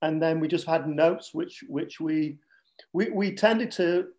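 A man's voice: on the high side, unhurried, darkish tone. A middle-aged man with a Manchester accent, a podcast co-host chatting as a guest in a joking, talkative way. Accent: Northern English, Manchester. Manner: chatty, joking, self-deprecating. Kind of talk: casual chat.

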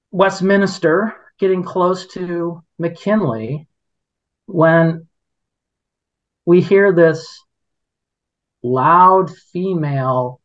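A man's voice: high-pitched, highs cut off. A man hosting a podcast, telling a story in casual chat, indignant and rambling with many restarts. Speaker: podcast host.

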